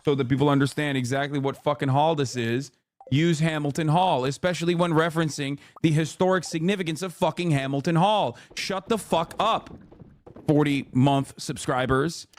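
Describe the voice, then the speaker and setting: A man's voice: on the high side, steady tone, a little fast. A man livestreaming political commentary, ranting angrily and sarcastically with heavy profanity, snapping back at his chat.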